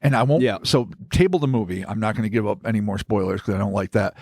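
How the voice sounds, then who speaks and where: Speaking fast in a low, somewhat mellow voice, this male podcast host is recorded in a clean, echo-free studio. He reads out stories sent in by listeners, then goes off on rambling, foul-mouthed, joking tangents about them in a casual chat.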